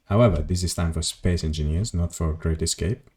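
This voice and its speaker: A man's voice: sits low, fairly quick, darkish tone. A man streaming a video game, rambling casually to his chat and swearing at mishaps. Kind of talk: casual gameplay commentary.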